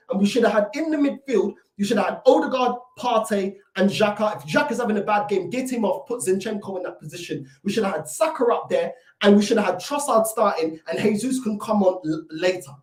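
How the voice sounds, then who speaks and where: A woman's voice: mid-range voice, expressive, a little fast, hardly any pauses, darkish tone. A woman delivering a fuming, repetitive rant as a football fan reacting to a match. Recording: echoey room, mic at a distance.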